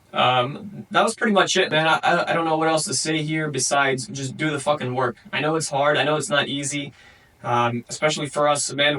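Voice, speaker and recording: Brash swearing man, bright husky voice. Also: medium pitch, far from the mic, low-quality recording. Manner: blunt, heavy swearing, calls listener bro. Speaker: podcast host. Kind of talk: solo motivational monologue.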